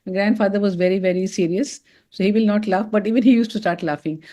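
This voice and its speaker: A middle-aged woman giving a motivational talk, telling stories and calling her listeners friends. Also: mid-range voice. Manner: animated storytelling, addresses listeners as friends. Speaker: doctor giving a wellness talk.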